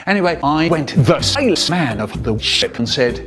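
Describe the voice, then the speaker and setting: A man narrating a spliced comedic story as an animated storyteller, his voice jumping high and low. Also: normal speed. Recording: music bed underneath.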